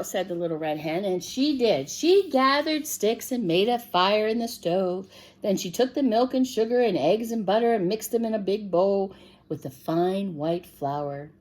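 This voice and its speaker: Woman reading a kids book out loud, slow and sing-songy, asks the listener stuff, faint hum behind. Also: fairly low pitch. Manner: gentle, expressive, asks the listener questions. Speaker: storyteller reading to children. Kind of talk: picture book read-aloud.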